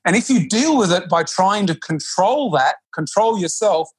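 A man's voice: high voice, expressive, normal speed, husky, no echo. A man, a yoga teacher being interviewed, who talks earnestly and often restarts his sentences. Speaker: yoga teacher, podcast guest. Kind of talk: reflective conversational interview.

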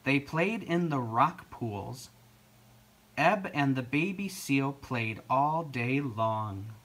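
A storyteller reading a children's picture book aloud, slow and expressive. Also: mid-range voice. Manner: slow, expressive read-aloud with lively intonation.

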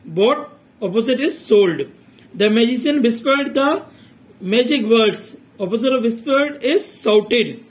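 A man teaching a grammar lesson, reading exercises aloud and explaining each answer in a steady, methodical way. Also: very high-pitched, unhurried, rough recording.

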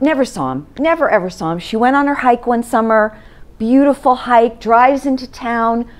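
A woman presentation coach giving a short storytelling talk to an audience, acting out the voices of people in her story. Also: fairly high pitch. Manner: lively storyteller, acts out voices in quotes.

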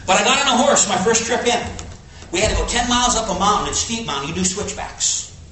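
A man preaching a sermon, telling a folksy story in an animated way and swinging between quiet low asides and high exclaims. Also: brisk. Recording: echoey hall from far off, faint hiss.

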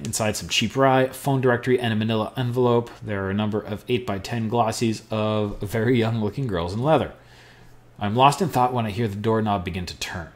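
A male podcast host playing an adventure game, making offhand, wry comments and reading the game narration aloud. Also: lowish voice. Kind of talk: casual let's-play commentary and reading game text aloud.

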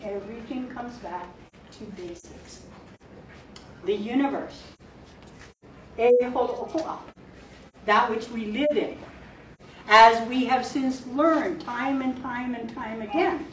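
A woman from Hawaii with a Hawaiian Pidgin lilt gives an unhurried workshop talk, chatty and playful, her voice a bit high. She is picked up from across an echoey room with faint ambience behind her. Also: recorded from a distance, a little hiss or hum. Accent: Hawaiian Pidgin-tinged English. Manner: chatty and playful, laughs often, mixes in Hawaiian words. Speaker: spiritual teacher.

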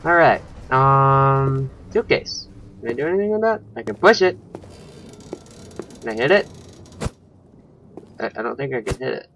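A man's voice: mid-range voice, lively intonation, unhurried, long pauses, fairly bright tone, faint music behind. A man giving let's play commentary, thinking aloud and swearing when startled. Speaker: gaming channel host.

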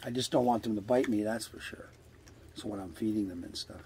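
Here an older man with a warm, lowish voice talks fairly quickly while vlogging outdoors near his trailer at the edge of the woods. He rambles, swears from time to time, and fondly coaxes animals in this casual narration, with a little hiss or hum in the background.

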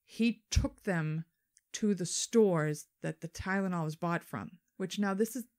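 Lowish-voiced woman on a podcast, swearing a lot, really into the crime story. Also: measured pace. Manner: animated storyteller, swears freely, acts out quotes. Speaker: podcast co-host. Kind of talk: casual true-crime chat.

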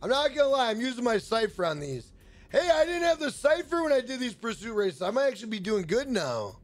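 A man's voice: very high voice, big pitch swings, fairly quick. A man streaming a video game live, hyped and profane, greeting and thanking chat members. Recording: faint music behind.

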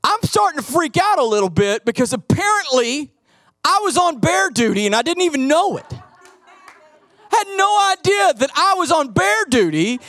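A middle-aged man preaching a sermon as pastor, telling animated stories and acting out the voices in them. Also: very high voice, normal speed, dry recording. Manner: animated storytelling, acts out quoted voices.

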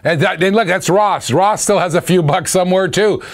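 A man's voice: high voice, normal speed. Chatty Canadian man calling auction bids. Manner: chatty, laughing, calls bids and reads viewer comments. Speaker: live auction host. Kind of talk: live auction stream chat.

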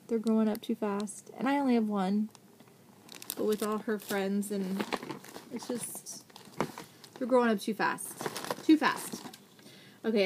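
A woman in her thirties gushing with excitement as she unboxes craft supplies in a casual vlog, thanking the sender again and again. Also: medium pitch, slight background noise. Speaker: vlogger unboxing craft mail.

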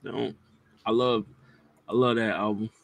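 A man's voice: fairly low pitch, measured pace, creaky. A man co-hosting a podcast, talking casually and laid-back, leaning on filler phrases. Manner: relaxed, hedging with fillers. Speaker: podcast co-host. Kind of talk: casual chat.

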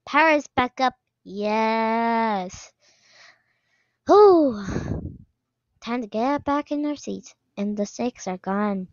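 A woman commenting on a game as she plays, excitable, often squealing and laughing. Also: fairly high pitch, takes it slowly, pauses often, dry recording. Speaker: gaming video creator. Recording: slightly dull lo-fi sound, dry.

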